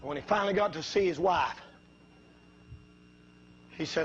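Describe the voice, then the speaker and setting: A man preaching a fiery revival sermon, telling folksy stories that build up to shouting. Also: on the high side, moderate pace, dull audio, a little hiss or hum.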